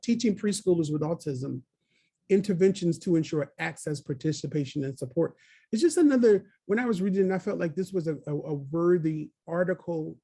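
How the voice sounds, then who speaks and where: A man's voice: fairly high pitch, warm tone, breathy edge. A man training early childhood staff in a webinar on a video call, talking in an encouraging way and coaxing listeners by name. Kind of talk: webinar presentation.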